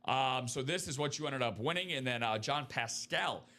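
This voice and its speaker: A man hosting a live stream of memorabilia breaks, chatting upbeat and fast as he pitches to viewers. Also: lively intonation, pushed and bright. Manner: upbeat, chatty, quick patter.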